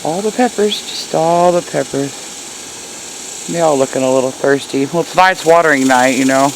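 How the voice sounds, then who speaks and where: A woman's voice: low voice, normal speed, background noise. Folksy woman touring her garden. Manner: chatty, folksy, laughing at herself. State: hot and sweaty. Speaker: gardening vlogger. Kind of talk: casual garden tour. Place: outdoor backyard garden.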